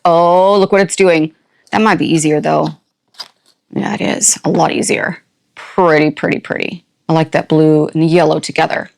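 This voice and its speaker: An older woman hosting a casual unboxing, chatty and playful with quick asides and a jokey put-on country twang. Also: low voice, creaky. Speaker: unboxing channel host. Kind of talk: casual product unboxing chat.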